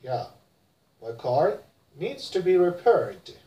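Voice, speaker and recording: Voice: mid-range voice, big pitch swings, slow, warm tone, dull audio. An English pronunciation teacher running a classroom drill, saying each word several times over for the listener to copy. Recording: roomy and distant from the mic.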